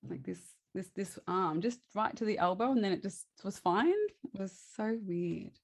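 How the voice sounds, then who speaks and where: A woman's voice: medium pitch, normal speed, no room sound. Chatty woman with a dry voice. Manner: chatty, laughs often, frequent restarts. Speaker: guest. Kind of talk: casual personal storytelling.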